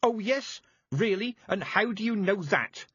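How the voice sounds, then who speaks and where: Blunt, scolding old witch woman in a storybook, high and lively, with a husky edge, as a male narrator puts her on. She talks briskly and never softens. The recording is dry and slightly muffled. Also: no room sound, full character voice. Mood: fierce. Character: stern sharp-tongued old woman witch.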